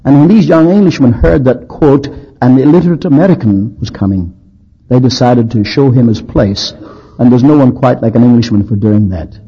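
A man's voice: medium pitch, moderate pace, slightly rough, dull audio. A man preaching a sermon, telling historical stories in an anecdotal, dryly humorous, emphatic way.

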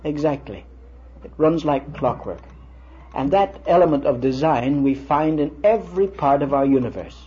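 A man's voice: fairly high pitch, moderate pace, warm tone. Older man preaching on a dull old tape. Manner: storytelling, conversational, quotes others in dialogue. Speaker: preacher lecturing. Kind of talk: lecture-style sermon with anecdotes. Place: lecture hall with students. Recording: dull lo-fi vintage recording with faint hiss.

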